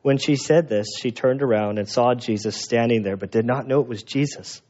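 A man preaching a sermon in a lively, animated way, acting out the voices of people in the story. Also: mid-range voice, normal speed, muffled recording. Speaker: pastor.

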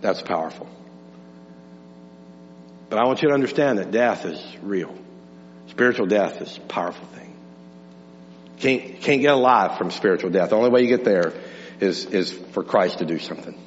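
A man's voice: lowish voice, lively intonation, moderate pace, pauses often. A man pastor preaching a conversational sermon in a church, earnest and repeating himself as he restarts phrases. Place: church sanctuary. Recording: dull lo-fi hall recording with hum.

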